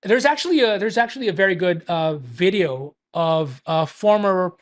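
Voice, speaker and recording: Animated man explaining. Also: sits high, normal speed. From Philippines. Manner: animated, emphatic, repeats points. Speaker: podcast guest. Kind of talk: casual explanatory discussion.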